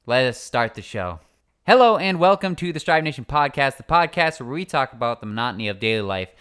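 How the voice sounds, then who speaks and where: A man's voice: mid-range voice, very animated, a little fast, a bit bright, clean tone. A man hosting a podcast in casual chat, playful and joking as he runs promos and talks with his co-host.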